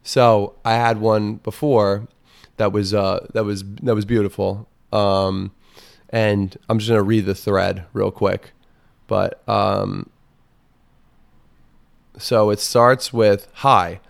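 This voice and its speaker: A man's voice: on the low side, level tone, slow pace, gravelly, pauses often, clean tone. Rambling, profane male podcast host. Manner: rambling and profane, crude jokes. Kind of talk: casual comedic monologue.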